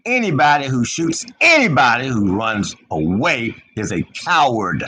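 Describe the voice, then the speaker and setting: A man giving an unscripted spiritual commentary, impassioned and repetitive, his pitch swinging between low and high. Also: very animated, measured pace, hardly any pauses, pushed and bright, a little hiss or hum, rough recording. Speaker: online preacher.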